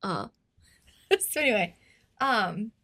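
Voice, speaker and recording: A young woman chats on a podcast and tells an anecdote about her family, pausing and laughing as she goes. Her pitch sits in an ordinary middle range. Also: expressive, fairly bright tone. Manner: storytelling, laughs and trails off. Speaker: podcast guest. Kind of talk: casual chat.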